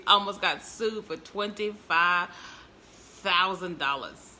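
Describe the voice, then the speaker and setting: A woman chatting casually to viewers from home on a livestream, expressive, with frequent laughs. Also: lowish voice, slow. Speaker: entrepreneur livestreaming to followers.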